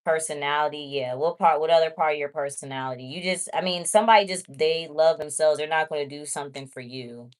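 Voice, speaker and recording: Low-voiced woman doing a casual tarot reading. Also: fast, few pauses. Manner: chatty, blunt, talks straight to viewers. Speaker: tarot reader.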